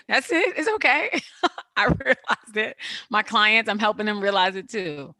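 A woman therapist hosting a casual podcast chat, talking quickly and playfully and laughing often. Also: mid-range voice, expressive, pushed and bright, no echo.

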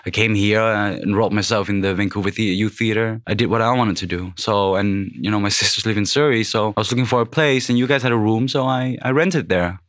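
A man's voice: on the low side, brisk, hardly any pauses, fairly bright tone, dry recording, clean studio sound. A man in his thirties who grew up in the Netherlands, a podcast guest speaking bluntly and frankly in casual chat, swearing freely. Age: 30s.

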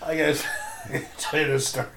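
A man hosting a podcast, reading stories aloud in a casual, animated way and acting out the screams in them. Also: fairly high pitch, normal speed, vocal fry, noisy background. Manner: animated storyteller, acts out screams. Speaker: podcast host.

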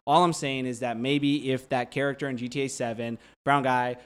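Young guy rambling in a casual chat, lots of "like", mid pitch, jumps into little impressions. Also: clear, resonant tone. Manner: rambling, heavy use of "like" fillers; animated, drops into quick voice impressions.

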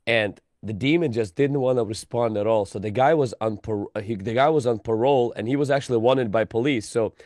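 A man's voice: mid-range voice, fairly quick, few pauses, a little mellow, no room sound, clean studio sound. A man telling an amusing story animatedly in a casual chat.

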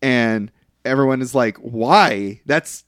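A man's voice: mid-range voice, animated, a little fast, no room sound, clean studio sound. A man casually recapping a film on a podcast, rambling with lots of fillers and the odd curse. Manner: loose, rambling recap with frequent fillers and profanity. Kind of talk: casual chat.

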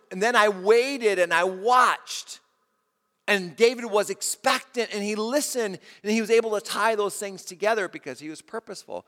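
A male pastor preaching a sermon, moving between hushed low passages and rising emphatic stretches. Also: big-room sound. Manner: dynamic preaching, drops to soft low tones and rises with emphasis.

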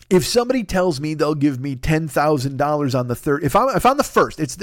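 Animated, foul-mouthed man telling a story. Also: a little high, no echo, studio quality. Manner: animated, profane, acts out dialogue. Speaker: podcast host. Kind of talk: casual storytelling monologue.

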